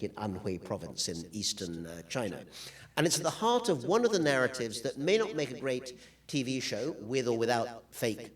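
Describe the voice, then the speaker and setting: A man lecturing to an audience from slides, with a dry, wry sense of humor and plenty of hesitant fillers. His voice sits at an ordinary middle pitch for a man. He sounds set back from the microphone. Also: distant mic. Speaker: guest lecturer.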